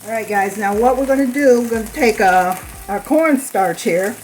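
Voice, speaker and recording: A woman hosting a home cooking demonstration, chatty and unhurried, speaking to viewers as "you guys", a little hoarse from a lingering cough. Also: fairly high pitch, a little mellow, slight background noise, poor audio. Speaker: cooking channel host.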